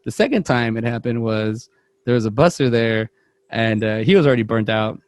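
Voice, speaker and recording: A man's voice: mid-range voice, normal speed, no room sound. A man on a podcast telling a long work story in casual chat, rambling and acting out the voices of the people in it. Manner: rambling, animated, acts out quotes, self-interrupting. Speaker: podcast co-host.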